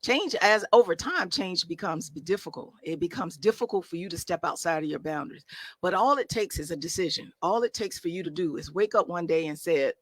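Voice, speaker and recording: A woman's voice: fairly low pitch, lively intonation, brisk, no room sound. A woman life coach giving an emphatic motivational talk, casual in her phrasing and full of rhetorical questions. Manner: colloquial, conversational phrasing. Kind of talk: motivational talk to a live audience.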